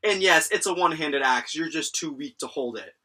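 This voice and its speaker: A man's voice: on the high side, brisk, distant mic, background noise, lightly acted. A man voicing a proud, muscular male warrior in a lofty, self-assured way while recapping an anime. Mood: haughty.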